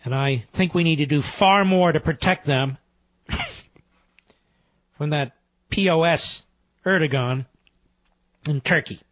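Emphatic, combative talk radio host. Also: male voice, a little high, slow pace, pauses often, a bit bright, dry recording. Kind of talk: political talk radio monologue. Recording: dull, muffled broadcast sound.

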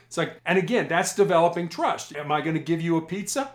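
A man's voice: fairly high pitch, fast talker. A middle-aged man, a former police hostage negotiator, telling stories in an interview and acting out both sides of the talk. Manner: animated, acts out both sides of conversations. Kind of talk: storytelling in a podcast interview.

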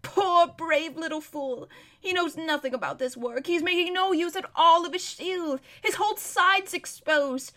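A woman's voice: very high voice, a little slow, pushed and bright, pitched above the performer's own voice, full character voice. A woman voicing an old male hermit who describes a distant battle as a vivid, emphatic running commentary. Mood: anxious.

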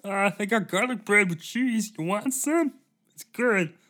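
A man voicing a cheerful, oblivious guy chatting past a funeral with his groceries, in a much higher, louder voice. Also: lively intonation, unhurried, exaggerated voice. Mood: chirpy. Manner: chirpy, oblivious small talk.

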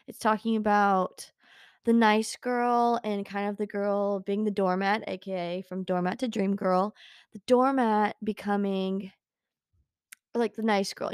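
A young woman hosts a casual talk show in a bubbly, chatty way and giggles as she goes. Her voice sits at an everyday middle pitch. It is recorded close and dry, with no room sound. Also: a little mellow, dry recording. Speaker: podcast host. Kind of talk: casual chat with book readings.

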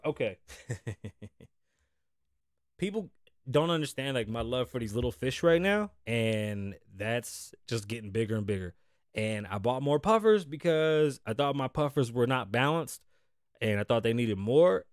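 A man's voice: medium pitch, no room sound, clean studio sound. A man hosting a podcast, chatting loosely with lots of swearing and jokes, and reading news stories aloud. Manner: profane, joking, loose and rambling. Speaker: podcast host.

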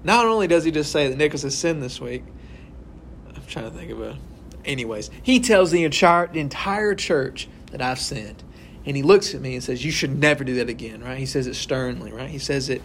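Leading a Bible study, a man with an expressive, creaky mid-range voice talks at normal speed, acting out brief scenes and putting questions to the group. He keeps tacking "right?" onto his points, and there's slight background noise.

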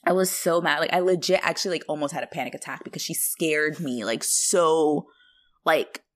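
A woman co-hosting a podcast, chatting casually and telling stories in an animated, swearing way. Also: low voice, moderate pace. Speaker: podcast co-host. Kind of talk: casual rewatch podcast chat.

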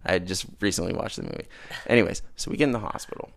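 Young guy, low gravelly voice, rambling storyteller, gets loud at the big moments, casual garage chat. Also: rapid-fire. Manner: rambling, animated, gets loud when telling the punchline. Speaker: podcast host telling a story. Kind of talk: casual storytelling over beers.

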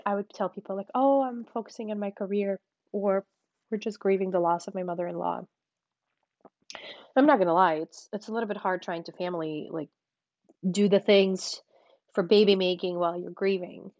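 A woman guest speaking candidly in an interview, telling her story in a frank, animated way and acting out what other people said. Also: moderate pace, pauses often, dry recording. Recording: muffled low-fidelity audio.

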